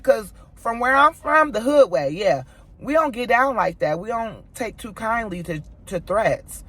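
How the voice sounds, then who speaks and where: A woman telling a storytime vlog to her viewers, animated and profane, acting out what others said. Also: fairly high pitch, unhurried, breathy edge. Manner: animated, profane retelling, voicing quoted people; talks straight to viewers as "y'all". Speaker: mom vlogger.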